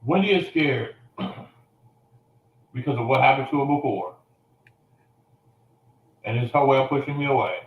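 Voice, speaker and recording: A man's voice: medium pitch, lively intonation, measured pace, pauses often, reverberant, lo-fi sound. A man telling an emotional personal story, blunt and profane, coughing now and then.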